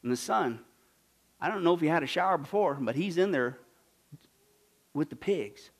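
A man from Kansas preaching a sermon as a pastor, animated and jokey, swinging from loud bursts to hushed asides. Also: on the high side, moderate pace. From Kansas, United States. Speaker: pastor teaching a Bible study.

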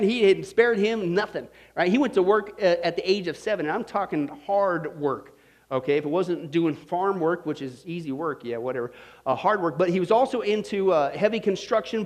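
A Kansas preacher with a strikingly high voice teaches a Bible study as a storytelling sermon before a live congregation. His manner is animated and folksy, he keeps throwing "okay?" and "right?" at the listeners, and he laughs at his own homespun stories.

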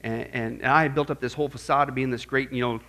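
A middle-aged man teaching a church class on apologetics, animated and often asking the audience questions. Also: mid-range voice, fast talker. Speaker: Bible teacher.

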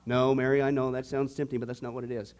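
A man's voice: medium pitch, level tone, fast, darkish tone. A man teaching a discipleship Bible class to a live group, playful and jokey, often checking in with "okay?" and "right?".

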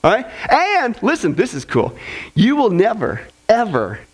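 High-voiced joking preacher. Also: male voice, measured pace. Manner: animated, joking storyteller. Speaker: pastor. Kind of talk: sermon with jokes. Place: church before a congregation.

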